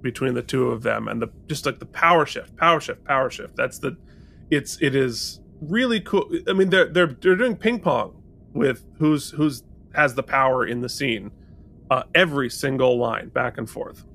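He has a creaky, mid-range voice and talks at a normal speed. In a casual podcast chat, this co-host animatedly recaps a TV episode, reviewing it and quoting lines.

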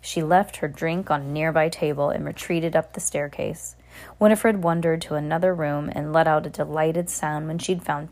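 Lower-voiced woman reading an audiobook. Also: vocal fry. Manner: steady reading with small restarts. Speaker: audiobook narrator.

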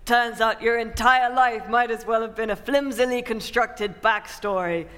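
A man's voice: very high voice, steady tone, normal speed, sharp tone. A man playing a grandiose, rambling older tycoon who is the hero's father. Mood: pompous. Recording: reverberant room.

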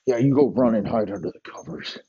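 A man's voice: mid-range voice, fairly quick, background noise. Profane ranting man, muffled lo-fi. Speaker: podcast host. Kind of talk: rambling comedic monologue. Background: dogs barking.

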